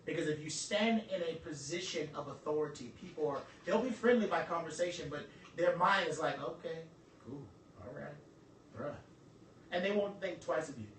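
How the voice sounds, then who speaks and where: A man giving a joking, animated motivational talk to a group, acting out little dialogues as he goes. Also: a little high, normal speed, roomy sound, recorded from a distance, slight background noise, low-quality recording. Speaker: workshop speaker.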